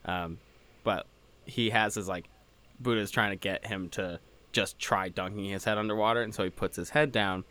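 A man's voice: on the low side, steady tone, normal speed, pushed and bright, smooth. A man chatting casually on a podcast, rambling with lots of filler words as he critiques a show. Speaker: podcast co-host.

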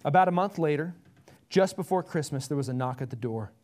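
A man's voice: a little high, animated, brisk, darkish tone. A male pastor telling an illustration story and closing his sermon with earnest appeals.

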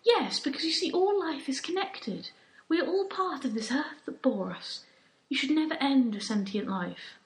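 A woman's voice: high-pitched, animated, moderate pace, reverberant. A woman playing a naive posh young volunteer. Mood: earnest. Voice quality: earnest, gushing.

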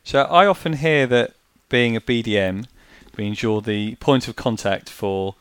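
A man co-hosting a podcast, asking measured, probing interview questions. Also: mid-range voice, clean tone, no echo.

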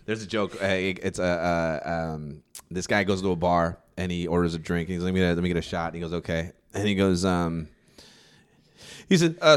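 A man's voice: on the low side, fast talker. Rambling man telling a story, swearing. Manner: rambling, profane, full of fillers and restarts. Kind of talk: casual chat.

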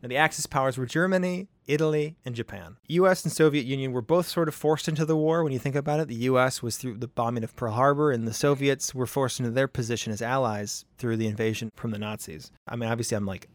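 A young man co-hosting a podcast tells a history story casually and chattily, speaking fast with few pauses and a medium-pitched, fairly even voice with no room sound. He chuckles often and puts on silly voices for quotes.

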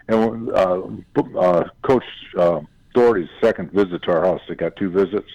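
An older man from Michigan, a former football player, telling lively anecdotes on a radio show and acting out his family's voices. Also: sits low, brisk, lo-fi sound. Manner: animated anecdotes, acts out quoted family voices. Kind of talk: casual storytelling on radio.

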